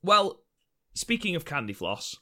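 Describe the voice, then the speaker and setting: A man's voice: a little high, very animated, measured pace, sharp tone. A man co-hosting a wrestling review podcast, chatty and jokey, swearing casually. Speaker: podcast co-host.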